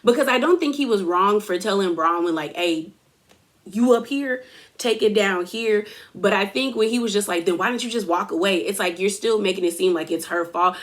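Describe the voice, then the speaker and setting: A woman's voice: mid-range voice, moderate pace. A woman hosting a casual reality TV recap, chatty and full of fillers, laughing as she tells it. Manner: chatty, filler-heavy, laughs while telling. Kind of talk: casual episode recap and commentary.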